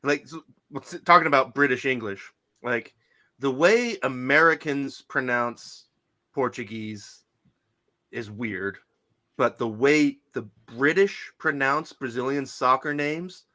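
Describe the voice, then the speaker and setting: A man co-hosting a casual podcast chat, giving blunt opinions in a relaxed way. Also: medium pitch, slow. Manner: opinionated, blunt remarks on pronunciation. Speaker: podcast co-host.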